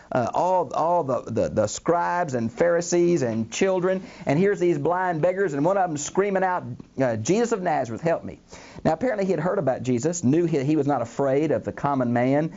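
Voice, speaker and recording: A man's voice: on the high side, lo-fi sound. An older man teaching a Bible lesson in a studio, speaking to listeners as "friends," acting out the quoted voices with a lot of "uh" fillers. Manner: animated, acts out the quoted voices, frequent "uh" fillers. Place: recording studio.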